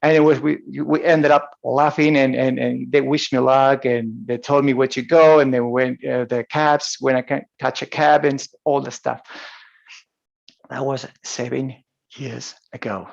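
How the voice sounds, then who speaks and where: A man's voice: medium pitch, fairly even intonation, unhurried, vocal fry, highs cut off. A man from Spain with a Spanish accent, telling a personal story as a motivational coach. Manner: storytelling, with frequent restarts and laughs. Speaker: high performance coach. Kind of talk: motivational talk.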